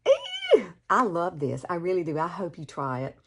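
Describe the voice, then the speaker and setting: A woman's voice: fairly low pitch, fairly quick, bright, forceful tone, slight background noise. A woman in her fifties from Alabama with a Southern accent, chatting folksily through a makeup tutorial and calling the viewer girl. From Alabama, USA. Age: 50s. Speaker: beauty vlogger.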